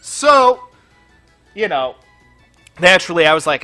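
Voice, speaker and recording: Lively high-voiced man telling a profane story. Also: measured pace, pauses often, soft background music. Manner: profane, ranting, lots of filler words. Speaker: gaming channel host. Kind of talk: casual storytelling over gameplay.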